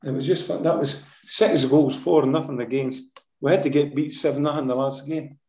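A Scottish man with a mellow, warm voice tells animated stories from his football management days, often ending sentences with "eh?". He is recorded in an echoey room. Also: on the high side, moderate pace. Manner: lively storyteller, tags sentences with "eh?". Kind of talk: anecdotal interview storytelling.

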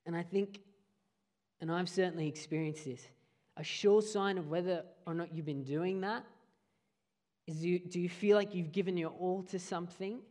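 A man preaching a sermon, earnest, often dropping his voice low for emphasis. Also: darkish tone.

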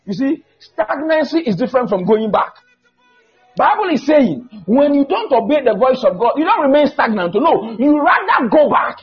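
A man preaching a fiery sermon, shouting and drawing out emphatic Bible quotes. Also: very high voice, big pitch swings, normal speed. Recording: dull lo-fi church recording with faint music.

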